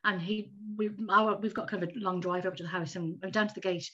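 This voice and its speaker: A woman in her fifties telling a personal story in a casual, animated chat as a podcast guest. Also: fairly low pitch, fast talker. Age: 50s. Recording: dull lo-fi audio.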